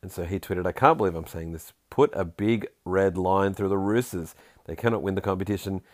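Man, very low voice, dry close sound, casual podcast host, playful asides. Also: a little mellow, no echo. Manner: jokey, reads tweets aloud with quick asides. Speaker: podcast host reading listener tweets. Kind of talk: casual chat.

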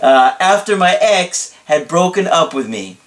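An excitable, dramatic young man, voiced by a man putting him on, gushes his thanks, stretching every word out slowly and theatrically. His voice is a little high for a man. The delivery is heavily acted, leaning hard on each phrase for effect.

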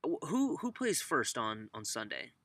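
A man hosting a casual sports talk show, rambling and animated, addressing the audience directly. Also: medium pitch, a little slow, no echo. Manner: animated, rambling, addresses listeners as ladies and gentlemen. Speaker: podcast host.

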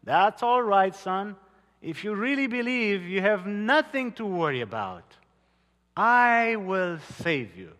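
A man voicing God speaking from above to a man on a cliff, calm, slow and reassuring, in a sermon story. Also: high voice, voice pushed up, heavily acted. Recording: long hall reverb.

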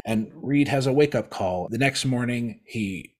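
A man's voice: mid-range voice, lively intonation, normal speed, few pauses, fairly bright tone. A man co-hosting a podcast, casually telling a long story, rambling with restarts and acting out the quotes. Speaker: podcast co-host.

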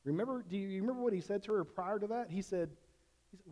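A man's voice: sits high, quick pace, darkish tone. Man preaching in a reverberant church. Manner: conversational preaching with restarts and self-corrections. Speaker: pastor. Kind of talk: sermon. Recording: long church-hall reverb.

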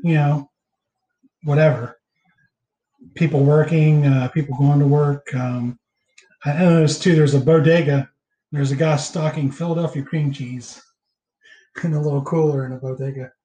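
Male podcast host, halting recap, echoey room. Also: fairly high pitch, warm tone. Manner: halting, heavy filler words. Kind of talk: casual movie recap chat.

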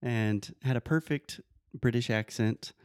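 A woman, co-hosting a casual podcast and telling travel stories in a relaxed way. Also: rumbling low, a little slow, smooth, dry recording, clean studio sound. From Brazil. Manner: relaxed storytelling, explains terms. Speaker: podcast co-host. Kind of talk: casual chat.

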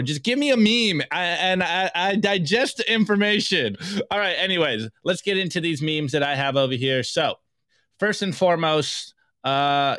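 Podcast co-host, male, higher voice, dry close sound, slangy and energetic. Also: no room sound. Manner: energetic, slangy, quick asides. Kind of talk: casual chat, reading memes aloud.

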